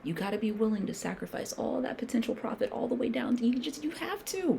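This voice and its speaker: A woman's voice: on the high side, big pitch swings, a little fast, gravelly, mellow, a little hiss or hum. A woman day trader chatting casually as she trades, thinking aloud in slangy speech and coaching viewers emphatically, sometimes sinking to a whisper. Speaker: day trader streaming a trading session. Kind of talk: casual talk-along while trading.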